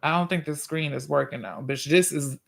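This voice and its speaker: A man hosting a casual livestream, reading viewer comments and chatting in a profane, drawn-out way. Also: fairly high pitch, creaky, a bit bright. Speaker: livestream host and musician.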